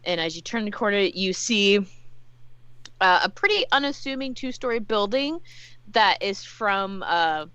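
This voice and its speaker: A woman's voice: mid-range voice, lively intonation, measured pace, fairly bright tone, smooth, no room sound. A woman running a tabletop game as game master, describing scenes in loose narration with many fillers. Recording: dull lo-fi dry sound.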